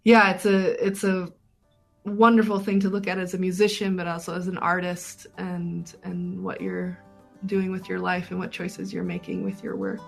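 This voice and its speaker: A woman's voice: lowish voice, moderate pace, gravelly, soft background music. A woman documentary filmmaker being interviewed on radio, talking thoughtfully with many fillers and restarts.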